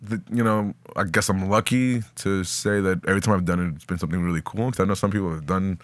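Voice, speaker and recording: A man's voice: deep voice, steady tone, fast, no room sound. A man telling a story in casual chat, swearing a lot and acting out his own reactions. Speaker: podcast guest.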